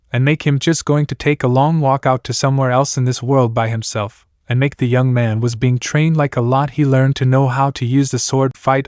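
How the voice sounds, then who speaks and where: A man reading fan fiction aloud in a plain, steady storytelling voice with broken grammar. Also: mid-range voice, dry recording, studio quality.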